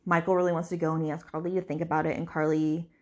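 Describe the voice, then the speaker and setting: Chatty woman with a lowish voice. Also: little pitch movement, very fast, highs cut off. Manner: chatty, rambling, with many fillers and restarts. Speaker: podcast host. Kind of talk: casual book recap.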